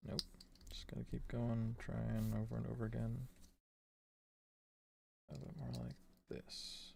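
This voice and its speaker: A man's voice: medium pitch, little pitch movement, measured pace, creaky, a little mellow, a little hiss or hum. A man thinking aloud to himself as he sketches, muttering and sometimes dropping to a half-whisper. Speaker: design vlogger sketching.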